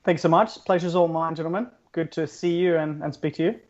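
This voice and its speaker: A man's voice: a little high, fairly even intonation, brisk, muffled recording. A man from Norway, a guest on an interview podcast, talking in an upbeat, effusive way. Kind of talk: conversational interview.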